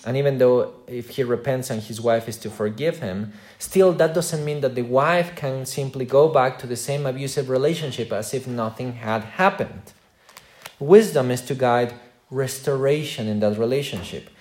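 A man's voice: mid-range voice, normal speed. A male pastor preaching a sermon to his congregation, earnest and direct, putting rhetorical questions to his listeners. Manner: preaching with wide swings between loud emphasis and quiet asides.

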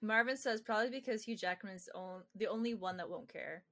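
A woman's voice: mid-range voice, brisk, bright, forceful tone. A woman co-hosting a casual chat, telling stories in a chatty way. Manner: chatty, storytelling. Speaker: podcast co-host.

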